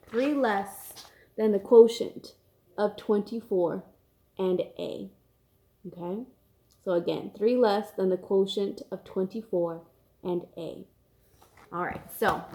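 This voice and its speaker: A woman teacher walks through an algebra problem at an easy pace with a voice of middle pitch. She repeats each step and checks in with her class as she goes. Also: a little mellow. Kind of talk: recorded math lesson.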